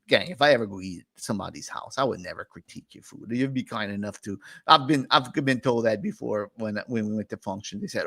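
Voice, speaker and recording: A man's voice: medium pitch, animated, fairly quick, creaky, fairly bright tone, husky, no room sound. A middle-aged man, hosting a casual, rambling food chat stream and laughing often. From New Orleans area. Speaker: host.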